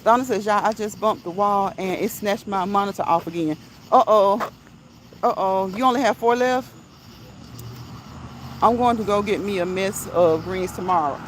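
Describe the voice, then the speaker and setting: Woman host, walk-and-talk livestream, laughs a lot, repeats herself for emphasis, mid pitch, faint outdoor noise. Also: normal speed, poor audio. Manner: chatty, laughs often, repeats phrases for emphasis. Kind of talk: casual livestream chat reading viewer comments. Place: outdoors while walking.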